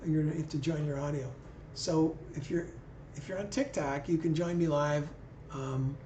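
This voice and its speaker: Guy with a high voice hosting a live call, laid back and chatty. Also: a little hiss or hum. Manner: easygoing, conversational. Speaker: livestream host. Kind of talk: casual live chat with callers. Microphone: video call. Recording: echoey room.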